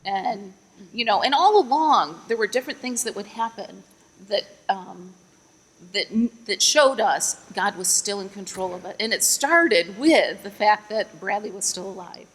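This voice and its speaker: Husky woman in an echoing hall. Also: medium pitch, expressive, measured pace, fairly bright tone. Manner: earnest, retells prayers with rising emphasis. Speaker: mother sharing a testimony. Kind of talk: emotional testimony interview. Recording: long echoing reverb.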